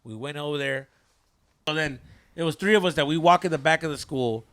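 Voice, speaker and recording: A man, a podcast host telling a story in casual chat, profane and animated, acting out quotes. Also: fairly high pitch, fairly quick, clean tone. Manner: animated, profane, laughs a lot, acts out quotes.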